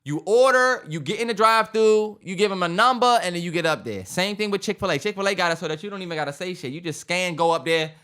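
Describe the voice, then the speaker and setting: High, bright-voiced man telling a story. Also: fast, few pauses, smooth. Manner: animated storyteller, acts out quoted voices, laughs through his stories. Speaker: podcast co-host. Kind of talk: casual storytelling chat.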